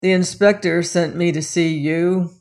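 A gruff plainclothes cop in a storybook, talking in blunt, slangy, unhurried phrases, as a reader puts him on. He sounds indifferent and sure of himself, never rushing. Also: medium pitch, steady tone, a little mellow, lightly acted. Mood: curt.

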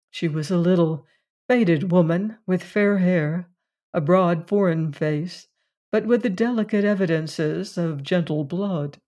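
A narrator reading a classic mystery story aloud in a measured, deliberate way. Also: mid-range voice, a little mellow.

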